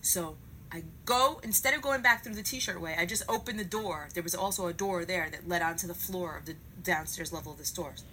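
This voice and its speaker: A woman telling a comic story in a profane, animated way, acting out each part. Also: lowish voice, fairly quick, a little hiss or hum, rough recording.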